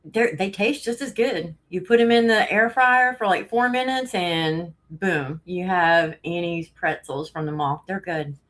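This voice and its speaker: A woman's voice: fairly low pitch, unhurried, hardly any pauses, a bit bright. Chatty breathless woman live-streaming. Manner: chatty, rambling, laughs often, greets viewers. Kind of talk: casual live stream chat.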